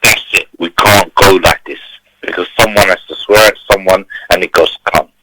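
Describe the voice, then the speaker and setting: A man's voice: low-pitched, fairly even intonation, moderate pace, very noisy. A man calling in to a community radio talk show, ranting emphatically and repeating himself. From Turkey. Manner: emphatic, repetitive, preachy. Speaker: caller. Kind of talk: impassioned phone-in rant.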